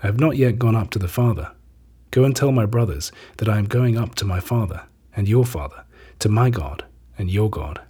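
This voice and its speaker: A calm and gentle Jesus, as a male reader voices him in a scripture reading. The voice is very husky and breathy, pitched on the low side. The delivery stays measured and solemn.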